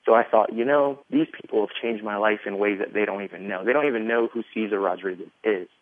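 A man's voice: fairly low pitch, fast talker, no echo. A man in his thirties, a podcast guest, telling his story in a rambling casual way with many fillers. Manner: rambling, lots of fillers, animated retelling. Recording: tinny phone line.

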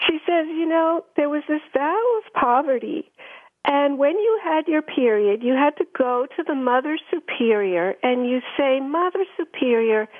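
A woman guest telling a story in a radio interview, acting out the quoted voices with lively energy over a phone line. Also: sits high, moderate pace. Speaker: guest speaker. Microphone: telephone.

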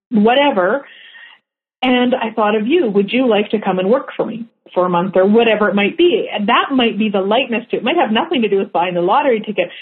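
A woman teaching a class in a chatty way, often laughing at her own jokes. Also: mid-range voice. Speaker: workshop facilitator. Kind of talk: teaching talk. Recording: tinny phone-line sound.

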